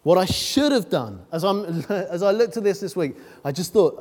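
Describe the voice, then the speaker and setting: A preacher delivers a casual, conversational sermon, full of ums and self-mocking asides. His voice sits fairly high for a man and swings widely in pitch. It rings out with the long reverb of a large hall. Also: lively intonation, normal speed, darkish tone.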